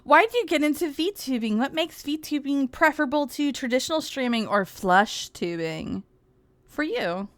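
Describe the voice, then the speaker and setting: A woman's voice: sits high, lively intonation, moderate pace, fairly bright tone, no room sound. A woman streamer in casual, sarcastic livestream commentary, rambling and giggling often.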